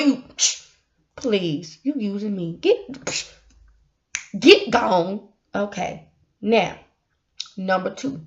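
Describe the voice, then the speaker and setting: A young woman giving a casual spiritual monologue, animated and preachy, swinging from loud outbursts to hushed asides. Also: mid-range voice, dull audio. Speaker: speaker.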